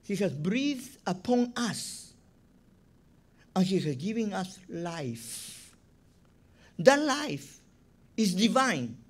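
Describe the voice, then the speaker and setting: In a rabbi's sermon, a man speaks slowly with a high-for-a-man voice that swings widely in pitch. His emphasis is strong and he repeats words while building his argument, phrasing things in a non-native way.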